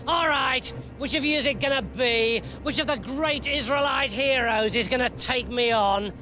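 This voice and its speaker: A man's voice: very high voice, moderate pace, voice pushed up. A man voicing a hairy giant warrior who jeers and taunts his enemies. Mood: jeering. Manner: taunting, bellowing. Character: hairy giant male warrior, jeering bully. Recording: music playing under the voice.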